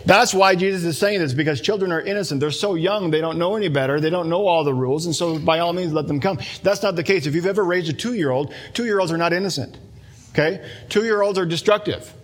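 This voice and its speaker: Male pastor, 30s, breathy and slightly high voice, chatty sermon with everyday examples. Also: quick pace. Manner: conversational, explaining with everyday examples.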